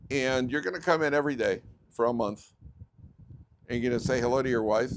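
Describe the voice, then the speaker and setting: A man with an American accent, a rabbi giving a joking, digressive Torah lecture with sudden jumps in pitch. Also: brisk, pauses often, slight background noise. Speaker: rabbi teaching a weekly Torah class.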